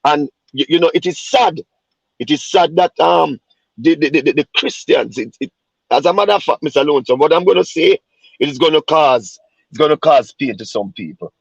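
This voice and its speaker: Gravelly Jamaican pastor, halting speech. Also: male voice, a little high, dry recording, highs cut off. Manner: repeats words while searching for them, earnest. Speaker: street pastor. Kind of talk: live call-in talk.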